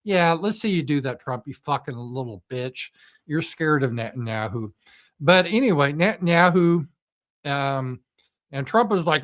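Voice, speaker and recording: A man's voice: a little high, animated, unhurried, a bit bright. A middle-aged man hosting a live political commentary stream, speaking off the cuff in a profane, sarcastic and mocking way with frequent fillers.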